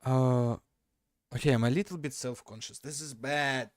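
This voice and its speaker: A man's voice: medium pitch, steady tone, moderate pace, dry recording, clean studio sound. A man telling a story casually on a live stream, rambling and correcting himself as he goes, often laughing at himself.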